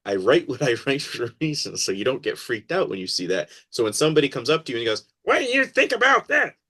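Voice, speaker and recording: A man talking as a podcast guest in a casual interview, animated and acting out quoted voices as he explains. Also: medium pitch, fast talker.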